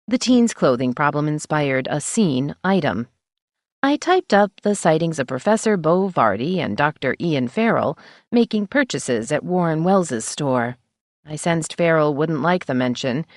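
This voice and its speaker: A woman narrates a first-person novel with a brisk, wry delivery. Her voice sits low, recorded close on a studio mic in a dry, dead room. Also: a little mellow, no room sound. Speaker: audiobook narrator.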